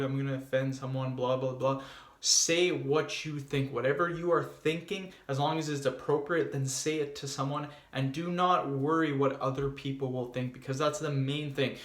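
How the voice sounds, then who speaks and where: A man giving casual, emphatic public-speaking tips to camera, repeating his points and calling his viewers "you guys.". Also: fairly high pitch. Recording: echoey room.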